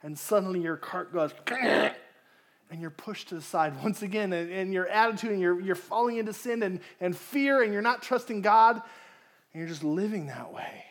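A pastor preaching a conversational sermon, asking the congregation questions and acting out people's inner voices. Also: male voice, high-pitched, normal speed.

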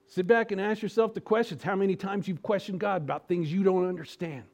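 A preacher delivering a sermon with a somewhat high voice. He throws questions at the congregation and swings between loud, punchy lines and quiet, slowed-down appeals. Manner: animated, rhetorical questions, acts out voices.

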